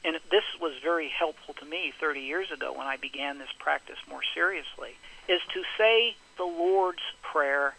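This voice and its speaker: A middle-aged man, a pastor and spiritual director, answering as a radio interview guest in an earnest, measured way with preacherly emphasis. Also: a little high, vocal fry, pushed and bright, low-quality recording.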